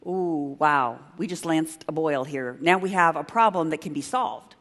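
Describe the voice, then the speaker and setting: A woman giving a conference talk as a leadership consultant, telling a story in an emphatic, conversational way with quick asides to the audience. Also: sits low, a bit bright. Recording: long reverb of a large hall.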